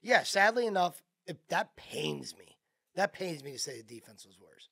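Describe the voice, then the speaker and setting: A man's voice: fairly high pitch, sing-song, normal speed, creaky, bright, forceful tone, slightly rough. A man co-hosting a sports talk show, getting worked up and firing off exclaimed questions. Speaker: co-host.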